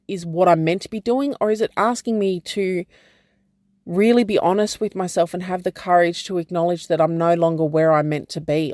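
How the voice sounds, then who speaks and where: Low-voiced woman, gentle reflective talk. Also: no room sound, clean studio sound. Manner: gentle, slow, spiritual encouragement. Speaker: program founder and guide. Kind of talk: reflective personal vlog.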